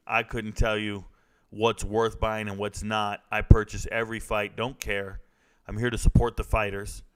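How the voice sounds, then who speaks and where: Smooth-voiced man trash-talking on stream. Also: fairly low pitch, a bit bright. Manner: joking, trash-talking, slangy. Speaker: livestream host reacting to fights. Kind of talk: casual live-stream chat reading viewer comments.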